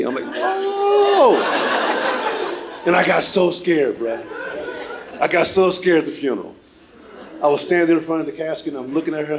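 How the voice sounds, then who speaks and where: A man performing a stand-up comedy set on a club stage, animated and shouting his punchlines. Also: fairly high pitch, normal speed, pauses often, a little hiss or hum. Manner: animated, loud punchlines, slips into voices for characters. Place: comedy club stage before a live audience. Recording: live stage mic with crowd laughter.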